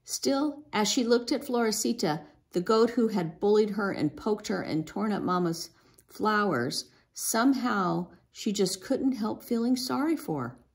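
A woman reading a children's book aloud in a gentle, expressive way. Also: medium pitch, unhurried, creaky. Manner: gentle, expressive, lifts her voice for a young girl's lines. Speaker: storybook reader.

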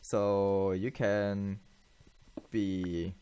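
Tired guy doing a let's play, lowish voice, stumbles and rambles a lot. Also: flat delivery, mellow, clean tone, lo-fi sound. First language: German. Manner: rambling, halting, many fillers and self-corrections. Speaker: gameplay channel host.

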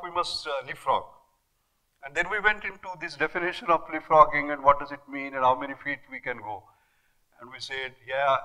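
An older man with an Indian English accent giving an academic lecture, emphatic and animated, with many rhetorical questions and fillers. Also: medium pitch, poor audio. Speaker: guest lecturer. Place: lecture hall.

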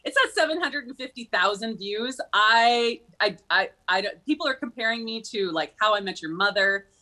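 A woman from Minnesota with a Midwestern accent and a bright, crisp voice. She chats casually as a guest and tells stories in a chatty, giggly way. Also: a little high, expressive, normal speed. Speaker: guest, comedy video creator. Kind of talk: casual chat.

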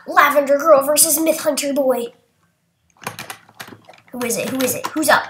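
A young woman giving casual commentary on an online game, excitable and prone to shrieking when she wins. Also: high voice, moderate pace, long pauses. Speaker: gaming video creator. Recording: roomy echo, faint noise.

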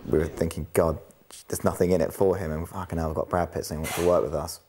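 A man in an archive interview, talking in a quick, blunt way with some swearing. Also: deep voice, flat delivery, darkish tone.

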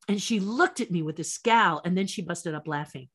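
Lively older woman telling stories. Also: fast, hardly any pauses. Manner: lively storyteller who acts out voices with big jumps in pitch. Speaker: interview guest, former set designer and puppeteer. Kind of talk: animated anecdote telling.

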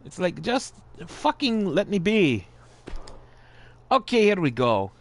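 A man's voice: sits high, sing-song, takes it slowly. A male host of a live-streamed wrestling game show, putting on a jokey Italian-style accent and chatting casually with viewers, with the odd swear. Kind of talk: playful live-stream commentary.

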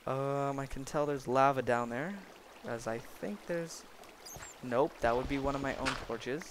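A young man giving excitable, rambling commentary while playing a block-building game and joking with the creatures he meets. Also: medium pitch, measured pace, a little hiss or hum. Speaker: gaming video creator. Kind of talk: Minecraft let's play commentary.

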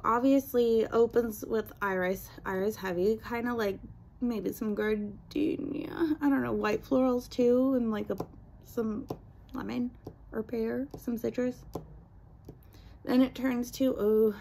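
Chatty woman with a gravelly fry. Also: a little high, steady tone, takes it slowly, darkish tone, slight background noise. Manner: chatty, rambling, self-deprecating asides. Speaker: vlogger. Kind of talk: casual unboxing review chat.

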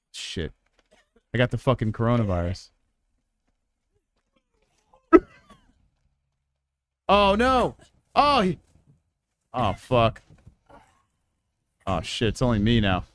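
Recorded dry, a mid-range male voice belongs to a gamer commentating live on his stream. He's excitable and profane, yelping, cursing, and cracking up at what the game throws at him.

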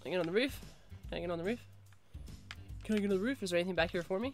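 A woman's voice: medium pitch, expressive, very fast, long pauses, soft background music. A woman streaming a game live, chattering and reacting, often repeating phrases in a rush and shrieking when things go wrong. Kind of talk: live gameplay commentary.

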